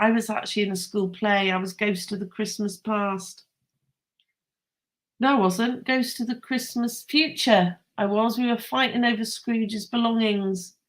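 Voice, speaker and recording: A woman, hosting a casual live stream and chatting with viewers in an excitable, rambling way, laughing and correcting herself as she goes. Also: medium pitch.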